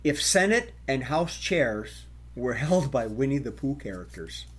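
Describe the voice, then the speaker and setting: Brisk improv host on webcam, lively pitch, laughs between calls. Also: male voice, slightly rough. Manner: calls on players and laughs often between prompts. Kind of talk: hosting improv games. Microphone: webcam on a video call.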